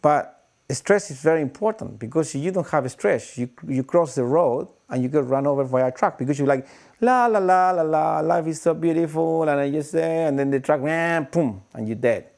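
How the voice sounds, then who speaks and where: A man teaching breathwork in a live-streamed lesson, animated, demonstrating breaths with audible sighs. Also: medium pitch, a little fast.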